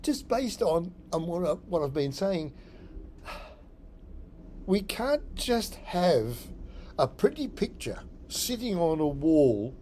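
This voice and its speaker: A man's voice: fairly high pitch, big pitch swings, slow pace, long pauses, dark tone, slight background noise. An Australian man, a psychic medium, talking through a rambling solo blog monologue and often repeating his phrases.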